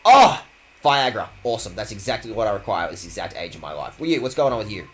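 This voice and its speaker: A man's voice: fairly low pitch, lively intonation, racing. A male streamer ranting with mock outrage and frequent swearing, his voice leaping up and down. Faint game music plays behind him. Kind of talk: casual game stream commentary.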